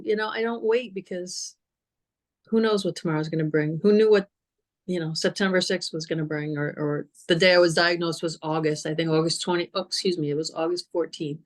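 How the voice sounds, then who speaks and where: A woman with a somewhat low-pitched voice tells her story as an interview guest. She talks casually and with energy, stumbling over repeated words and laughing easily. It sounds like a relaxed, friendly conversation. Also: fairly quick. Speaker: guest, cancer survivor.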